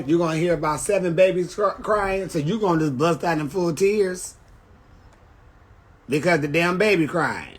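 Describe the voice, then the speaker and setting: A man's voice: a little high, husky. A man chatting casually on a phone livestream, telling brash, profane stories. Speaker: drag performer on a livestream.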